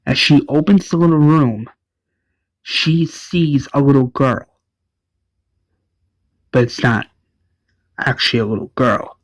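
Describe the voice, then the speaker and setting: A man casually retelling an episode, rambling with lots of "like" and quick self-corrections. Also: mid-range voice, dry recording, rough recording. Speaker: show recap narrator.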